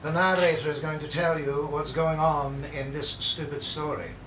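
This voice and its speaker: A man hosting a live show, reading a stage script aloud with relaxed, offhand asides. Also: a little high, moderate pace, background noise. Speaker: host reading a musical's script. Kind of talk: casual script read-aloud. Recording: echoey room, distant mic, guitar.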